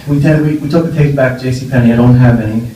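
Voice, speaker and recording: A man's voice: medium pitch, fairly even intonation, quick pace. A young man giving an informal memorial speech, telling fond, rambling stories with many fillers and laughs. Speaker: eulogy speaker. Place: memorial gathering room. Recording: echoey room, voice far from mic, faint noise.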